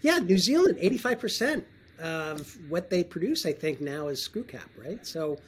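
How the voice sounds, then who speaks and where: A man talking casually as a wine trade guest in an interview, relaxed and often clearing his throat. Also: fairly high pitch, moderate pace, a little hiss or hum.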